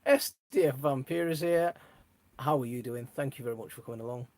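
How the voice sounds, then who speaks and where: A woman's voice: extremely low pitch, a little fast, a little mellow, no room sound. A woman hosting a casual live stream, chatting, laughing often and reading viewer comments aloud.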